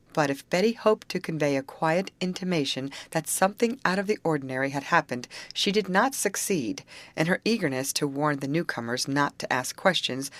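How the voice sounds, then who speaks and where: A woman reading a storybook aloud in an even, steady manner. Her voice is low for a woman, and the recording is dry and close with no room sound. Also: dry recording. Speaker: audiobook narrator. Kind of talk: scripted narration.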